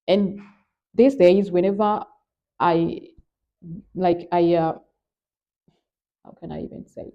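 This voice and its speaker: A woman's voice: fairly low pitch, slow pace, pauses often, dull audio. A young Nigerian woman with a Nigerian accent, talking earnestly and emphatically in a personal vlog. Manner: earnest, emphatic, repeats "trust me". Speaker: vlogger. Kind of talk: candid personal vlog talk.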